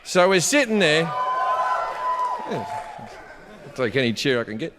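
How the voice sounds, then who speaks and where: A man with an Australian accent doing stand-up, telling a crude story and jumping into shouted punchlines. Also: on the high side, big pitch swings, fast, heavy background noise. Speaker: stand-up comedian. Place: large concert venue on stage. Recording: live hall reverb with faint crowd ambience.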